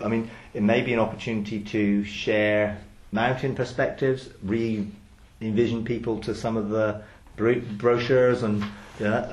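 A man leading a small church meeting, talking in a relaxed, halting way with frequent restarts. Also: on the low side. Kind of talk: casual group discussion. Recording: echoey room with faint noise.

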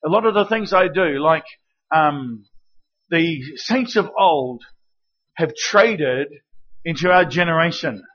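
A man preaching as a guest speaker, telling lively stories with acted-out quotes and sometimes dropping to a hushed, intimate tone. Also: a little high, takes it slowly, pauses often. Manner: animated storytelling with acted quotes. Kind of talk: sermon. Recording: dull lo-fi recording.

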